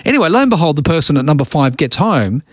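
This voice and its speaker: A man's voice: fairly high pitch, big pitch swings, fast, no room sound, clean studio sound. A man hosting a call-in radio show, chatting with callers and telling anecdotes, acting out voices as he goes. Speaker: radio host.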